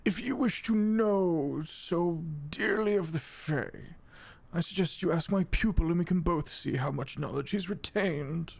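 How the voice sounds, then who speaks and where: A man's voice: on the high side, unhurried, gravelly, darkish tone, pitched above the performer's own voice. A man voicing a condescending male fey mentor in a tabletop game, lecturing in a lofty, scornful way. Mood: haughty. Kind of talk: tabletop roleplay.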